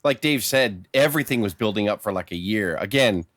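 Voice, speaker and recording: A man's voice: fairly low pitch, brisk, dry recording. A man co-hosting a podcast in casual chat, with a voice that rises and falls a great deal as he tells his stories. He swears freely, and the dry, close recording carries no room sound. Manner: animated, profane storyteller. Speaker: podcast co-host.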